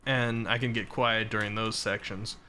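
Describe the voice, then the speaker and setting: A man from the Boston area in relaxed, casual chat with his live chat while playing a game. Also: fairly low pitch, normal speed. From Boston area, Massachusetts. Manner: relaxed, chatty, reads out chat messages. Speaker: streamer.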